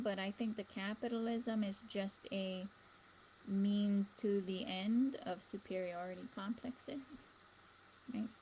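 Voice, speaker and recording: A woman hosts a spiritual talk show in a firm, measured voice, with a middle pitch and pauses filled by fillers. Her tone is earnest and steady. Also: a little hiss or hum, low-quality recording.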